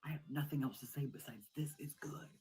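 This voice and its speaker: A woman performing a comedic monologue at home, over-the-top excited and swinging between hushed whispers and loud exclamations. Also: a bass voice, fairly quick, soft background music, poor audio.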